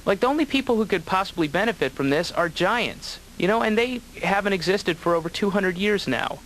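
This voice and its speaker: A man's voice: high voice, animated, brisk, a bit bright, slight background noise, poor audio. Brief: offhand male stand-up, wry and rambling. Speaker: comedian patient. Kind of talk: stand-up monologue.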